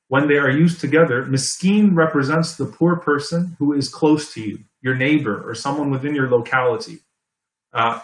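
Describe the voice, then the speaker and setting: A man giving an Islamic sermon in a conversational, explanatory way, often checking in with "okay?" and "right?" and reciting Arabic verses quickly. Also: a little high, echoey room, rough recording. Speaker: Islamic preacher. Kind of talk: sermon lecture.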